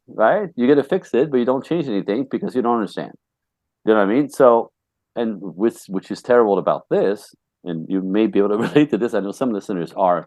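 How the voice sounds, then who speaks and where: A man with a lowish, darkish voice speaks in a dry setting with no room sound. He's a relationship coach appearing as a podcast guest, talking bluntly and emphatically in a casual interview and laughing often.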